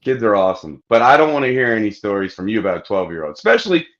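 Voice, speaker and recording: A man's voice: lowish voice, expressive, very fast, dull audio. A man co-hosting a podcast, telling profane anecdotes in casual chat. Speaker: podcast co-host.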